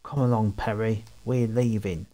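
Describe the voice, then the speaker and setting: A pompous, haughty older gentleman with a posh, stuffy way of talking, as a man puts him on. He sounds grand and dismissive. The voice sits fairly low. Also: steady tone, a little slow, lightly acted.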